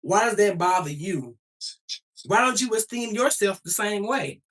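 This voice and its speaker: A woman's voice: medium pitch, expressive, unhurried, a bit bright, far from the mic. A young adult woman livestreaming to her chat, talking back at trolls in a profane, emphatic and confrontational way. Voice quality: profane, defiant.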